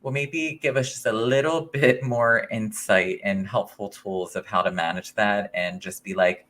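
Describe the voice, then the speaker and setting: A man's voice: on the low side, fairly even intonation, measured pace, fairly bright tone. A man co-hosting a podcast, joking and teasing in casual chat. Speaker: podcast co-host.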